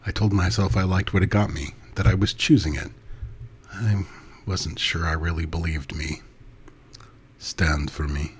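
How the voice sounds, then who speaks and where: A man narrating an intimate first-person erotic story in a soft, breathy voice that often drops to a half-whisper. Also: a bass voice.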